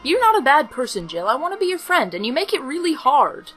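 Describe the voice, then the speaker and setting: A woman's voice: high voice, sing-song, brisk, a bit bright, soft background music, voice pushed up. A woman voicing a sweet, eager young girl who wants to be friends, in a game playthrough. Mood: pleading.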